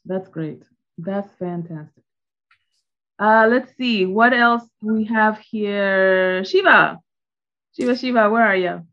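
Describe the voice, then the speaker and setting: A woman's voice: mid-range voice, slow, pauses often. A woman hosting a group coaching call over video, encouraging and calling on participants in turn. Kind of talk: casual group chat. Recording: dull lo-fi call audio.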